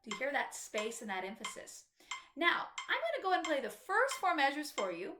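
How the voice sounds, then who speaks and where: A woman's voice: high-pitched, wildly swooping pitch, fairly quick, roomy sound. A woman flute instructor patiently explaining music to young students in a tutorial.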